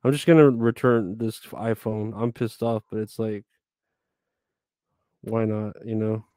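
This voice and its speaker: A man's voice: lowish voice, fairly even intonation, measured pace, dark tone, clean tone, no echo, studio quality. A tired man streaming live, chatting in a rambling, irritable way and swearing a lot. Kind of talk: casual live stream chat.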